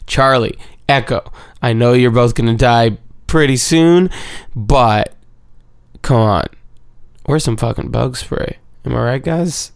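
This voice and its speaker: A man's voice: mid-range voice, slow pace, gravelly, pauses often, smooth, dry recording, studio quality. A man giving a casual, rambling episode recap, full of swearing and playful repetition.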